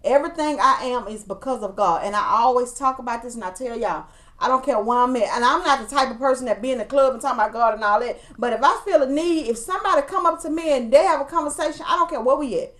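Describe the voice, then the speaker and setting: A woman chats on a podcast in a fairly high voice. She talks earnestly, almost like she's preaching, and tells stories by quoting the people in them. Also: fast talker, a bit bright. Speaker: podcast co-host. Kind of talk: casual chat, storytelling.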